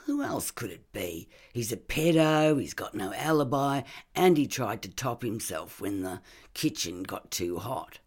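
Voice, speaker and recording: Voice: mid-range voice, animated, a little slow. A reader voicing a blunt, crude, pushy male Australian police detective. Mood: insistent.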